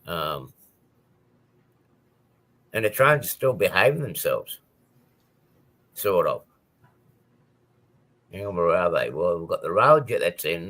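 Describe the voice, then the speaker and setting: A man's voice: deep voice, fairly bright tone. A man chatting casually on a live stream about his model railway, rambling with many ums and restarts.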